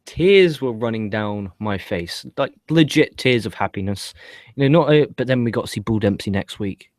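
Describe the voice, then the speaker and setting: A man co-hosting a wrestling review podcast, rambling and swearing in loose, excitable banter. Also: on the low side, normal speed, dry recording. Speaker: podcast co-host. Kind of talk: casual wrestling review chat.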